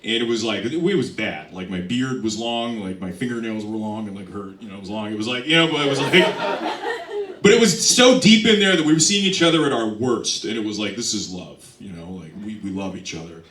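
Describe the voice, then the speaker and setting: A man's voice: mid-range voice, expressive, a little fast, crowd noise. A young man performing a self-deprecating stand-up set, rambling with restarts, with audience laughter behind him. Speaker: stand-up comedian. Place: comedy club stage. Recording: roomy club sound from a distance.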